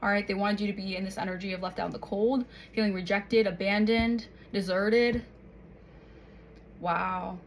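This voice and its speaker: A woman talks her way through a tarot reading in a loose, chatty voice and keeps tagging her lines with little check-ins. Her pitch sits in a middle range. A faint hiss of noise runs under the recording. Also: fairly even intonation, moderate pace, rough recording. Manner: chatty, tags lines with "okay?" and "all right?". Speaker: tarot reader. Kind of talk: casual spoken tarot reading.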